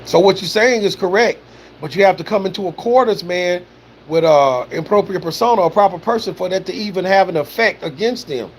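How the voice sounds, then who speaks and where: A man's voice: sits high, fairly quick, a little hiss or hum. A man hosting a livestream, reading viewer comments and talking in a loose, rambling way, full of "you know" and "man" and swearing. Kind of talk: casual spoken commentary.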